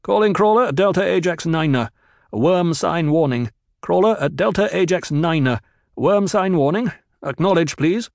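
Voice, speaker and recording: A clipped, businesslike desert ecologist barking radio calls, as a man puts him on in a raised, higher register. The audio drama take is dry and close, with no room around it. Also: expressive, fast, vocal fry, dry recording. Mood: urgent, formal.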